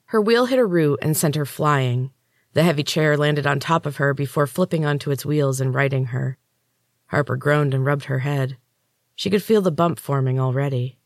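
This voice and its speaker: A man, a podcast host and author, narrating his own dark fantasy story in a measured, even way. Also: on the high side, dry recording, studio quality.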